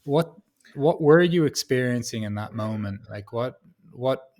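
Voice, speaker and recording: A man's voice: medium pitch, lively intonation, unhurried, a little mellow. A man hosting a podcast, asking a searching question and rephrasing it as he goes. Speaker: podcast host. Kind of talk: interview questions.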